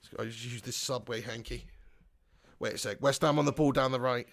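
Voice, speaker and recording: A man hosting a live football watch-along, reading out chat comments and shouting at the big chances. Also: medium pitch, fairly even intonation, fairly quick, vocal fry.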